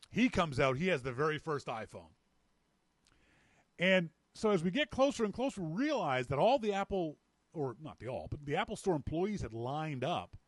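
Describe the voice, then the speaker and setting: A man from Canada hosting a podcast, telling a story in a casual, animated way and acting out the lines of people in it. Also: fairly high pitch, no room sound. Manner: animated, acts out quoted dialogue. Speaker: podcast host.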